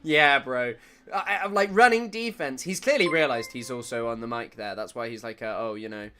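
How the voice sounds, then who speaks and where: Man, livestream commentator, casual, rambling, jokey, very animated pitch, bright tone. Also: normal speed, slight background noise. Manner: rambling and jokey, laughing often; reads chat comments aloud.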